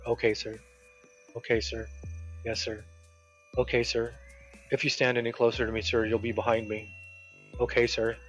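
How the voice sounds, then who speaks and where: A man voicing a patient male store manager who speaks quietly and courteously. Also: medium pitch, steady tone, a little fast, lightly acted. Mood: placating. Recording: dull lo-fi with game music.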